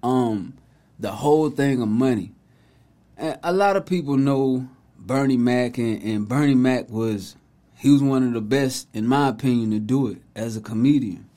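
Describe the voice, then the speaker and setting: A man's voice: medium pitch, normal speed, warm tone. A man hosting a casual commentary video, talking in an emphatic, preachy, conversational way. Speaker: host, commentator.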